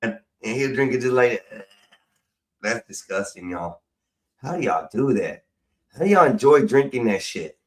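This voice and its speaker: A man's voice: medium pitch, lively intonation, normal speed, far from the mic. Rambling profane man. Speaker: livestream host. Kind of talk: rambling casual livestream talk.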